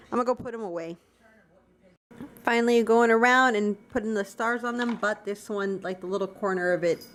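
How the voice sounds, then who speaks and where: A woman's voice: medium pitch, a little hiss or hum. A young woman talking casually to her viewers in a daily vlog, chatty and full of "like" fillers. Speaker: vlogger.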